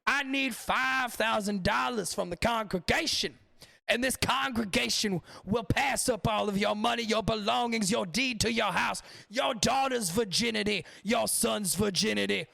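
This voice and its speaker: A man putting on a booming greedy televangelist. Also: creaky, bright, forceful tone, heavily acted. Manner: booming, pleading, drawn-out sermon delivery. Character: greedy over-the-top male televangelist preacher. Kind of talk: mocking sermon impression.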